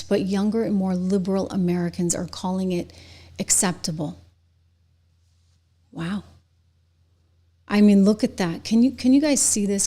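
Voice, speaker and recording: A woman hosts a political commentary show in an opinion monologue, speaking directly to the people watching. Her voice sits at an ordinary middle pitch. She grows indignant and pushes into loud, emphatic stretches.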